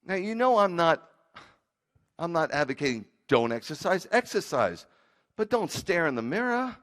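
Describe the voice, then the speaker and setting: A New man preaching as rabbi, his voice sitting a bit high for a man. He tells lively stories from the pulpit and throws in jokey asides. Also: normal speed. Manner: animated storytelling with jokey asides. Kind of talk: sermon.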